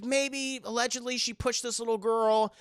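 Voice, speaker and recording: A man voicing a flustered, nervous mother, talking high and over-eager. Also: flat delivery, moderate pace, clear, resonant tone, no room sound, studio quality.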